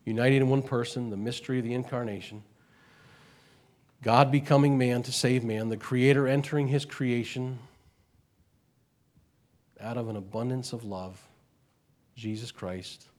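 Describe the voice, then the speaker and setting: A male pastor delivers a sermon at an unhurried pace in a medium-pitched voice. He repeats phrases for emphasis and swings from hushed lows to loud, drawn-out highs on key words.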